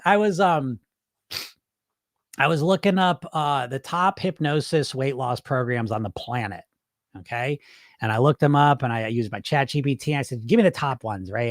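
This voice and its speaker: A medium-pitched male voice, captured cleanly in the studio with no echo via a wireless microphone. He's a podcast host and weight-loss hypnosis coach doing a live show, reading comments from viewers while giving blunt, profane pep talks.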